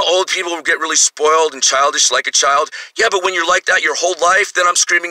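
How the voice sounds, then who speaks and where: A man's voice: on the high side, steady tone, fairly quick, hardly any pauses, pushed and bright, dry recording, poor audio. A man in his fifties delivering an angry, profane, rambling monologue. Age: 50s. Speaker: vlogger. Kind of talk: ranting monologue.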